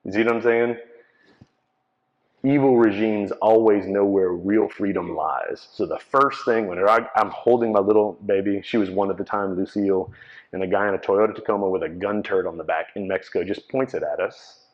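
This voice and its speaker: A man's voice: on the low side, steady tone, moderate pace. A man, giving a personal testimony to a live audience in a conversational storytelling way and acting out the dialogue. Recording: dull lo-fi recording.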